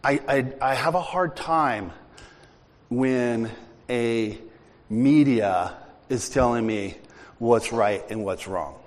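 A man's voice: medium pitch, slow pace, pauses often. A middle-aged man giving a sermon, chatting with the congregation in a joking, storytelling way. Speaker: preacher. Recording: hall reverb.

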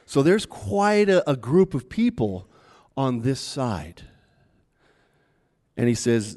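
A man delivers a sermon as a lively story. His voice sits at a middle pitch and leaps higher as he acts out the taunting lines. Between them he drops into relaxed, chatty asides. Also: takes it slowly, pauses often. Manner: animated storytelling, acting out the taunts with a rising voice. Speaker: preacher.

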